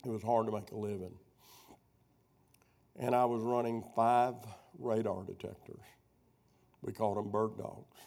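A middle-aged preacher with a gravelly voice tells homespun stories to teach his class. He rambles, wanders off track and circles back to pick up the thread. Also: lowish voice, steady tone, unhurried, pauses often, darkish tone. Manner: rambling storyteller who loses his thread and doubles back. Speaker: preacher teaching a prophecy workshop. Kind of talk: folksy teaching sermon with personal stories.

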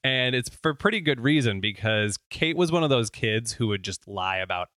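A man's voice: mid-range voice, lively intonation, normal speed, bright, forceful tone, no echo, studio quality. A man co-hosting a podcast, telling a story in a casual, joking chat. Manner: chatty, joking, uses fillers.

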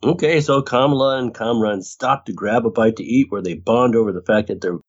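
A man's voice: medium pitch, a little fast, slightly rough. A man co-hosting a podcast, recapping a TV episode in casual chat and laughing often. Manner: reads recap, laughs often, mimics characters. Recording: dull lo-fi audio.

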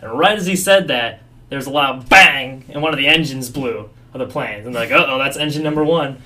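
A man's voice: medium pitch, a little fast, sharp tone, far from the mic. A man co-hosting a casual sports podcast, telling stories animatedly and acting out the quotes. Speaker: podcast co-host.

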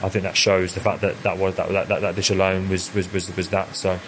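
A man's voice: low-pitched, little pitch movement, fairly quick, slight background noise. A young man, a head chef, chatting casually as an interview guest and telling rambling stories full of repeated words.

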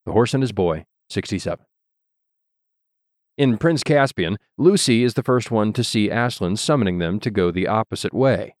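Brief: male audiobook narrator, measured literary reading, lowish voice, dry close sound. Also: expressive, dry recording. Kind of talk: scripted narration.

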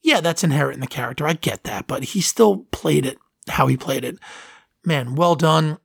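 A man's voice: a little high, normal speed, gravelly, slightly rough, dry recording. A man hosting a solo podcast in casual talk, earnest and sentimental, rambling and often interrupting himself. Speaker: podcast host.

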